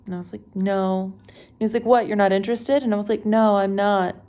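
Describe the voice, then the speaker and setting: A woman's voice: medium pitch, level tone, brisk, mellow, clear, resonant tone. A young woman from Texas, a travel vlogger, retelling an unsettling trip in a casual, conversational way with many fillers and self-corrections. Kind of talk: unedited personal retelling. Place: at home.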